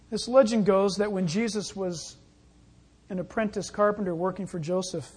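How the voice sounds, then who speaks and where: A male pastor delivering a sermon in a folksy, conversational manner. His voice sits high and sounds somewhat husky. He slips easily into little acted asides.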